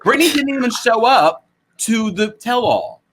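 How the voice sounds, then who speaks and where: A man hosting a reality-show recap, chatting in a gossipy, teasing way with quick asides. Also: very high voice, big pitch swings, background noise. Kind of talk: gossipy casual chat.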